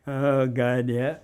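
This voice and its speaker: A man's voice: mid-range voice, a little mellow, smooth. A man in his nineties with a Canadian accent, telling old stories in an interview with frequent chuckles. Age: 90s. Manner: chuckling, reminiscing, tags with "eh". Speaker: interview guest. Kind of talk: casual storytelling.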